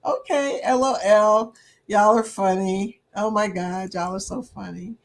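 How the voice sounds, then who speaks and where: A woman's voice: medium pitch, steady tone, a little slow. A woman hosting a casual livestream chat, laughing often and reading viewer comments aloud. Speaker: livestream host.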